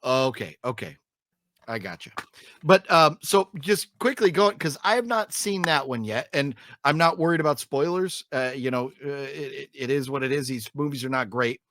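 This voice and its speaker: A man's voice: mid-range voice, animated, moderate pace, fairly bright tone, no room sound. Man griping on a movie podcast, dry sound. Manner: rambling, many fillers and restarts; exasperated, emphatic griping. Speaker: co-host reviewing films. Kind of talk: casual chat review.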